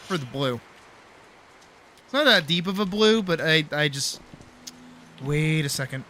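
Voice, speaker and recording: A man's voice: fairly high pitch, lively intonation, measured pace, pauses often, pushed and bright, a little hiss or hum. A man chatting casually while streaming a game, playful and rambling, swearing now and then. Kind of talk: casual gaming livestream chat.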